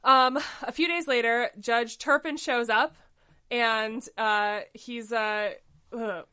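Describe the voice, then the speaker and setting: A woman co-hosting a casual podcast chat, breezily retelling a plot with mock quotes and quick asides. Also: fairly high pitch, fairly even intonation, pushed and bright, clean tone. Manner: chatty, quick paraphrasing with mock quotes and laughs. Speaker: podcast co-host. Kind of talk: casual chat recapping a musical.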